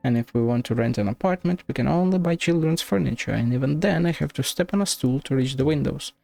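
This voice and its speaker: A man's voice: medium pitch, fast talker, creaky, a little mellow, faint music behind, close to an everyday voice. A man reading aloud the lines of a small, polite female Melusine creature in a game. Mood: earnest.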